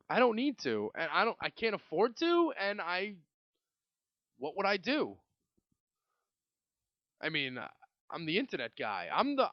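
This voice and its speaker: The audio is dull with no echo as a young Brooklyn podcast host speaks in a slightly high voice. Alone on the mic, he delivers a casual, rambling rant laced with swearing and frequent restarts.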